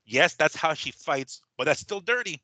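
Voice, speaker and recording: A man's voice: on the high side, animated, normal speed, pushed and bright, no room sound. A man hosting a boxing podcast, talking loosely and profanely in casual chat. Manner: loose, rambling, profane, with fillers. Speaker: boxing show host.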